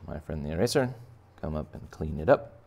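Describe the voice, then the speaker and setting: Low gravelly playful drawing teacher man. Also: expressive, brisk, a little mellow. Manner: playful, jokey, conversational. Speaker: art teacher. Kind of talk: drawing lesson for kids.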